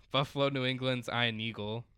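A man co-hosting a casual sports podcast, with a bright, crisp voice. He talks in a chatty way and rattles through lists of games and standings. The sound is dry and close. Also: mid-range voice, fairly even intonation, measured pace, no echo. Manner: chatty, reads out lists, laughs often. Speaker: podcast co-host.

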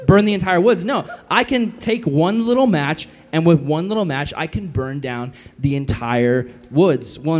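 A fairly high-voiced man giving a lively, casual youth sermon to a room of kids. He jokes and slips into silly voices to act out the people he quotes. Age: adult. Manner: animated, jokey, acts out quotes in funny voices. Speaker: youth pastor.

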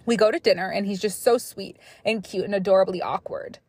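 Chatty young woman, husky and dry. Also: mid-range voice, brisk, no echo. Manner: chatty, animated asides and laughs. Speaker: podcast host. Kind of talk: reading and reacting to listener stories.

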